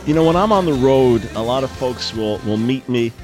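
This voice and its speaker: A man's voice: mid-range voice, lively intonation, normal speed, a little mellow, soft background music. An older man hosting a radio talk show, speaking emphatically and animatedly, often repeating words as he starts a thought. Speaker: radio host. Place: radio studio.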